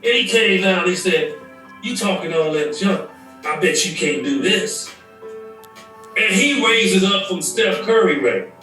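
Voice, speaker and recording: A man's voice: high-pitched, measured pace. A man telling an anecdote and laughing as he goes. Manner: laughing, animated storyteller. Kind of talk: storytelling anecdote. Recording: echoey distant clip with faint music.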